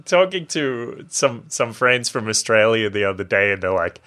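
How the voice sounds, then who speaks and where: Bright-voiced man host. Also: on the low side, big pitch swings, normal speed. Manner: laughs easily, prompts the guest. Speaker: podcast host. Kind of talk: casual interview chat.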